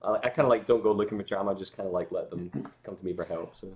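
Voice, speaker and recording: Fast-talking Scottish man, chatty. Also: low voice, a little mellow. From Scotland. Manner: rambling, heavy on filler words, quick jokey asides. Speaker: guest musician. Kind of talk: casual livestream chat.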